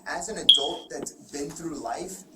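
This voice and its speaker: A man's voice: fairly high pitch, measured pace. A man working as a police detective, bluntly lecturing and pressing a suspect in an interrogation. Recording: echoey, distant, noisy room recording.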